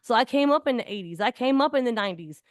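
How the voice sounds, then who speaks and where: A woman's voice: fairly high pitch, expressive, fast talker, no room sound, clean studio sound. A woman in her forties, talking in an earnest, emphatic way in casual conversation and often repeating words. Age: 40s. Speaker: community speaker.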